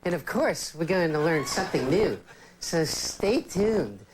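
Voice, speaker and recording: An actress playing a prim homemaking show hostess, sweet on camera and snappish off it. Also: female voice, on the low side, animated, a little slow, background noise. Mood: chirpy. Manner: sweet presenter tone turning to snappish complaint. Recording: TV clip with music.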